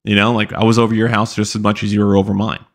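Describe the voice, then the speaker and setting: Gravelly, low-voiced man telling a story. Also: little pitch movement, quick pace. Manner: rambling, profane, exasperated retelling. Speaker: podcast host. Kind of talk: casual storytelling monologue.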